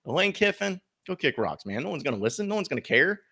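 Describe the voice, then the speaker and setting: A male sports podcast host talking in a casual, blunt way. His pitch swings widely as he fires off rhetorical questions. His delivery is emphatic and opinionated. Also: very animated, fast, hardly any pauses, a bit bright.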